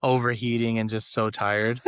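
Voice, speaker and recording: A man's voice: mid-range voice, little pitch movement, moderate pace, a bit bright, smooth, dry recording, studio quality. A man co-hosting a casual podcast chat, telling stories animatedly and acting out quotes with laughs. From Los Angeles. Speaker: guest cohost.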